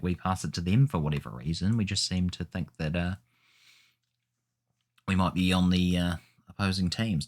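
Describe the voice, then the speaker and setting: Deep-voiced male gaming host; loose, rambling play-by-play chatter. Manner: chatty, rambling, self-correcting. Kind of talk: casual gameplay commentary.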